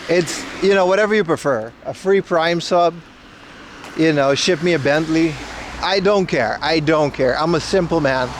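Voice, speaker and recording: A man's voice: fairly high pitch, normal speed, background noise. A young man chatting casually and joking with his viewers on a livestream, recorded outdoors in a city. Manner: joking, banter with chat. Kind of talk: casual IRL stream chat.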